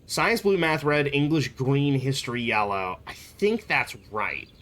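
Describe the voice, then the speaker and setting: A young adult streamer rambling and joking with chat at an unhurried pace. Their pitch swings widely from low mutters to high yelps, and their thoughts jump from one topic to the next. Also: lively intonation, fairly bright tone. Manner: rambling, playful, jumps between topics. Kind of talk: casual live-stream chat.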